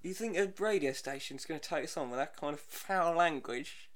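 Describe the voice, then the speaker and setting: A man's voice: fairly high pitch, moderate pace, a bit bright. A man co-hosting a comedy podcast, bantering in casual chat and giggling with mock exasperation. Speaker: podcast co-host and editor.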